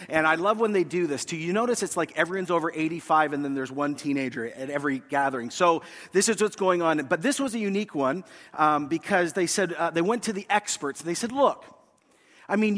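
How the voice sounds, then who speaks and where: Pastor guy preaching, tells stories and does little voices, kinda high voice, big echoey church. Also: fairly bright tone. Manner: storytelling, acts out quoted voices. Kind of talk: sermon. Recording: reverberant church hall.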